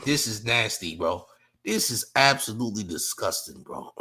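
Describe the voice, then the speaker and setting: A man's voice: on the low side, lively intonation, normal speed, bright, forceful tone, slightly rough. A man hosting a commentary show, reacting in disbelief, repeating himself and laughing between remarks. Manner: incredulous, repeats phrases, laughs often.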